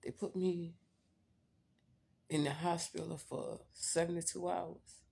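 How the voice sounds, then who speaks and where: A woman's voice: fairly low pitch, flat delivery, slow pace, vocal fry, warm tone, husky. A woman vlogger telling a personal story in a blunt, profane, candid way, talking straight to her viewers.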